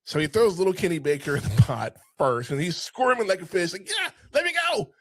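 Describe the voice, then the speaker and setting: Male podcast host, higher voice, dry close mic, animated swearing film recaps. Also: brisk, husky, no echo. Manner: animated retelling, frequent swearing. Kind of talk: casual film review chat.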